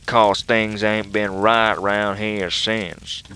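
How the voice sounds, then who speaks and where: A man's voice: lowish voice, little pitch movement, drawn-out words, bright, forceful tone, slight background noise, heavily acted. A man voicing a guilt-ridden rural hillbilly man in a put-on Southern drawl, reading a diary aloud in a video game let's play. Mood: uneasy. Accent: put-on rural American Southern.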